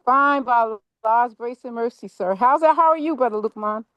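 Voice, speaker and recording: A woman's voice: fairly high pitch, moderate pace, no room sound, muffled recording. A woman in a casual group discussion, speaking politely and a little hesitantly as she works through her thought.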